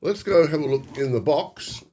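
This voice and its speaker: A middle-aged man hosting a casual unboxing vlog, excitable and nostalgic, gushing with frequent exclamations. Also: a little high, moderate pace, a little hiss or hum. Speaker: hobby channel host.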